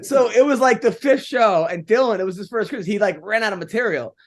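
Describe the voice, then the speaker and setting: A man with a noticeably high voice chats casually as a podcast co-host. He rambles through his stories, leaning hard on "like" and restarting his sentences. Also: brisk. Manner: rambling storyteller, many "like" fillers. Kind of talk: casual chat.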